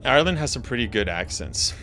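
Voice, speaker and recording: A man's voice: mid-range voice, very animated, fast talker, bright, forceful tone, a little hiss or hum. A young man chatting casually with viewers on a game stream, laughing often and tossing in slangy asides. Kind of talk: casual live-stream chat.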